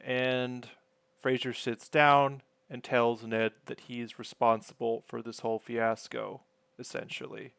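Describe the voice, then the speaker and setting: A man's voice: mid-range voice, flat delivery, measured pace, vocal fry, fairly bright tone, smooth, dry recording. A man casually recapping a sitcom episode in a rambling, chatty, self-deprecating way.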